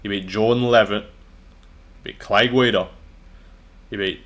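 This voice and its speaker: A young man with a somewhat low voice talks through fight results on his own. He is blunt and profane, and he mocks the fighters he dislikes in a loose, off-the-cuff way. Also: fairly even intonation, unhurried, fairly bright tone. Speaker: MMA commentator and channel host. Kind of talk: casual solo fight recap.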